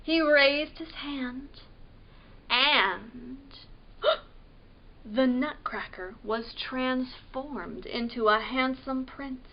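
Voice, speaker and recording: At storytime, a woman librarian reads a picture book aloud slowly and expressively, asking the listening children questions. Her voice sits high, and the sound is lo-fi.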